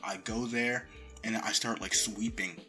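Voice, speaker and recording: A young man with a lowish but bright, forceful voice tells a casual story into his phone. His retelling is loose and full of swearing, and it keeps slipping from loud bursts into low murmurs and near whispers. Faint music plays behind him. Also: measured pace. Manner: profane, animated retelling that drops to murmurs and whispers.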